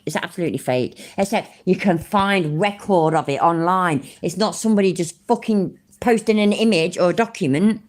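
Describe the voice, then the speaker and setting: Low-voiced sarcastic woman. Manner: sarcastic, rambling, swears freely. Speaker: streamer reacting to a video. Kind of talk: casual live-stream commentary.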